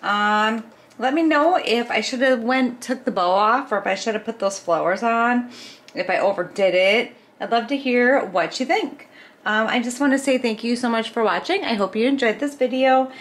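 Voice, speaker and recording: A woman's voice: on the high side, normal speed, fairly bright tone. A woman hosting a casual craft video, narrating each step as she works, chatty with small laughs. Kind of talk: casual craft tutorial voice-over.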